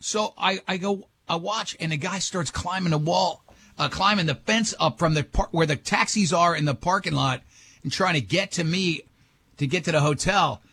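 An older man, a talk show host, telling a long story in casual chat, animated and laughing often. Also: fairly high pitch, normal speed, breathy edge.

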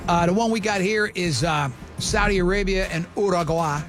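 A man's voice: sits high, normal speed, over music. A man hosting a radio show, running through a sports schedule and joking with his co-hosts in casual banter. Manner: wisecracking, joking.

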